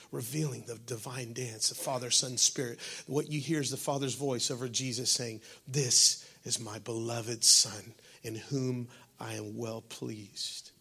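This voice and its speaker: A male pastor preaching a sermon, swinging from shouted passages to hushed, breathy tones. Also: mid-range voice.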